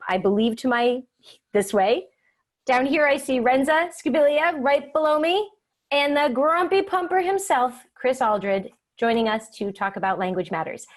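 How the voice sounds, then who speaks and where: A woman hosting a video call chat with a playful, joking manner. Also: a little high. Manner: playful and jokey. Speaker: host.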